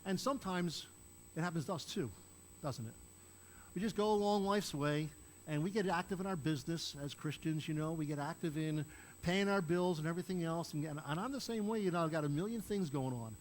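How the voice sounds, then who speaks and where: Preaching to his congregation, an older pastor keeps things conversational, asking the listeners questions and raising his voice to act out the lines he quotes. He speaks a little high and fairly quickly; the rough recording carries some hiss or hum.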